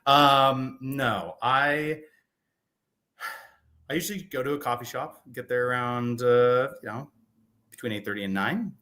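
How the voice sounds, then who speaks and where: A man's voice: medium pitch, measured pace, pauses often, pushed and bright. A man in his thirties, a guest author chatting casually on a video call, joking and self-deprecating. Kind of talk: casual interview chat.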